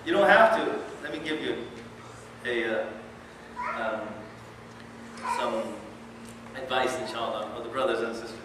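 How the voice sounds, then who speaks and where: Heard from a distance in a noisy, echoing hall, a man gives a sermon as an Islamic lecturer. He's conversational and animated, often asking his listeners questions, with a mid-range voice, an unhurried pace and frequent pauses.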